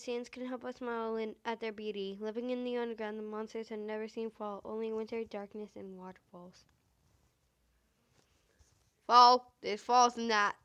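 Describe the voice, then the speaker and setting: Squeaky-voiced woman reading a story aloud. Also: clear, resonant tone. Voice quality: high, squeaky voice. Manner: halting, stumbling reading with many fillers and restarts. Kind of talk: reading fan fiction aloud.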